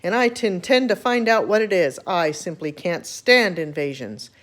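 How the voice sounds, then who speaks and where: A woman's voice: on the low side, normal speed, natural voice. A woman voicing an indignant second wild boar in a storybook reading.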